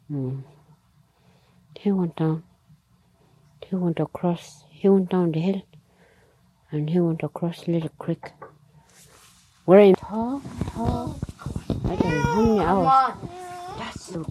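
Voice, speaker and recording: A woman slowly tells a traditional tale, her voice low and husky. She pauses often, searches for words and uses nonstandard grammar. The tone is dark and mellow. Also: low-quality recording. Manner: halting, unhurried telling with many pauses and fillers, nonstandard grammar. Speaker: storyteller. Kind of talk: traditional oral storytelling.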